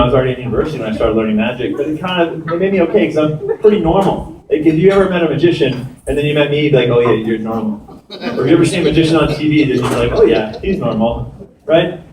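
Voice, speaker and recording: A man performing a stand-up comedy set as a magician, telling self-mocking stories in a chatty way full of "like". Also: on the high side. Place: live comedy stage in a venue. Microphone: filmed from the audience. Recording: distant roomy audience-camera recording with background noise.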